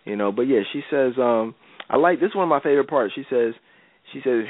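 A man's voice: medium pitch, lively intonation, fast, no room sound. A man hosting a faith-based advice radio show. He talks in a casual, slangy, preachy way and keeps asking "you know what I'm saying". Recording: dry, tinny phone-like radio audio.

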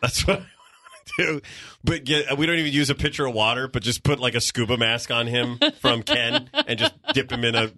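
Brief: bright, lively male podcast co-host, animated storyteller who mimics his family. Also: a little fast. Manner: animated storytelling, acts out family members in a high voice. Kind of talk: casual comedic chat.

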